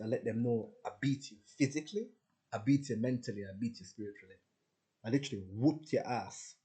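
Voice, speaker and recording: A man's voice: mid-range voice, dark tone. A man talking casually to his viewers in a rambling, boastful, profane rant. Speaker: spiritual vlogger. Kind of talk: casual ranting monologue.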